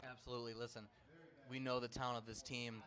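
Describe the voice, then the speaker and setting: A man's voice: medium pitch, flat delivery, normal speed, fairly bright tone. A man giving earnest, emphatic analysis as color commentator on a live football game.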